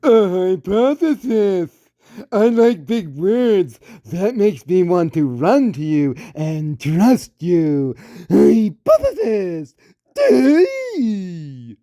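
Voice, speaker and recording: A woman's voice: mid-range voice, big pitch swings, extremely slow, mellow. A woman cutting in with sarcastic, mock-dim interjections.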